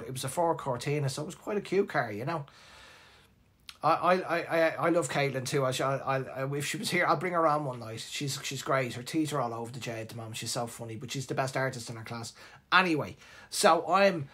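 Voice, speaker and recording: Middle-aged dublin guy telling a story on his live show, animated and emotional, keeps restarting his sentences, mid-pitch voice. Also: fairly quick, husky. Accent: Irish, Dublin. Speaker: host.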